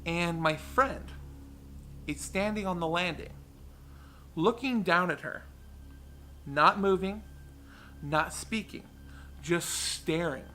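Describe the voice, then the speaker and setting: A man telling a true ghost story in a casual, hushed way, with dramatic pauses. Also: high-pitched, faint music behind. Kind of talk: spooky personal storytelling.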